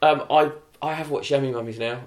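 A man chatting on a podcast, excitable and swearing freely. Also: mid-range voice, a little fast. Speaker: podcast co-host. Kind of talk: casual chat. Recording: roomy echo.

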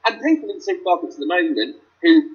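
A man's voice: sits high, sing-song, fast, dull audio. A man ranting animatedly and swearing in a casual chat.

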